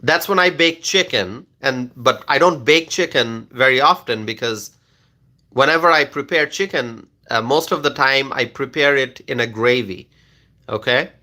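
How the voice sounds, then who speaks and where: Bright-voiced man chatting to live viewers. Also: medium pitch, normal speed. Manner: chatty, rambling, often tagging "okay?" to sentences. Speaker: political commentator streaming live. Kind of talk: casual live-stream chat reading viewer comments.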